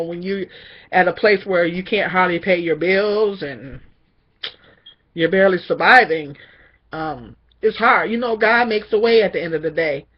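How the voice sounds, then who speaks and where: A middle-aged man venting in a personal monologue, halting and repeating words, weary and discouraged. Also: sits high, dull audio. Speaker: vlogger.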